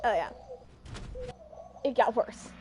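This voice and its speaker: A woman's voice: fairly high pitch, lively intonation, slow, dark tone, slight background noise. A young adult woman streamer telling a personal story in a casual, rambling way, often stopping and restarting her sentences. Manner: rambling, self-interrupting, earnest.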